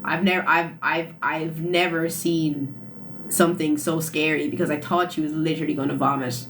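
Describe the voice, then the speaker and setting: A young woman livestreaming on her phone tells a story to her live chat in a low, slightly bright voice with fairly even intonation and a moderate pace. She's casual and animated, laughs often, and ends many sentences with "like"; a little hiss or hum is audible.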